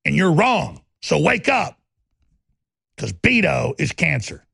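A talk show host rants through a combative, sarcastic monologue. His voice is heavily gravelly and husky, with a slightly raised pitch. The sound is dry and close. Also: very animated, takes it slowly, bright, forceful tone, no echo. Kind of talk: political commentary monologue.

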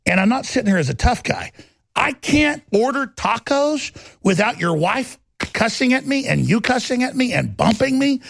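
A middle-aged man hosting a talk show, ranting in a heated, mocking monologue with a raspy voice. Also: extremely high pitch, big pitch swings, moderate pace, fairly bright tone, dry recording. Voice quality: gravelly, raspy.

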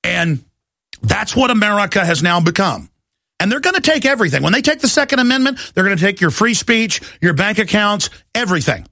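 A man hosting talk radio delivers an impassioned, ranting monologue that keeps climbing into shouts. His voice is gravelly and forceful, set a bit high for a man. The sound is close and dry. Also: big pitch swings, fairly quick, dry recording. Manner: ranting, shouting, repetitive, urgent. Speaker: radio talk show host.

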